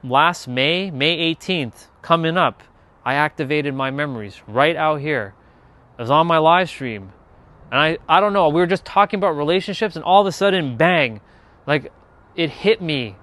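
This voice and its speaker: A man's voice: fairly high pitch, lively intonation, moderate pace, a bit bright. A man telling a personal spiritual story, earnest and rambling, with many restarts and trailing phrases. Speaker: spiritual content creator.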